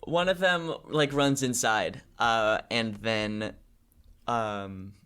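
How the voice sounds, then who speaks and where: A man narrates a tabletop adventure as its game master, his voice smooth and resonant. He stops and restarts often, dropping in fillers as he works out the scene on the fly. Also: lowish voice, pushed and bright. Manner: halting, many fillers and restarts.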